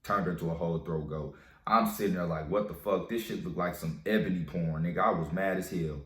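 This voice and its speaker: A man's voice: low-pitched, brisk, fairly bright tone. A man telling a breakup story and giving dating advice in a casual, slangy, profane way. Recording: roomy echo.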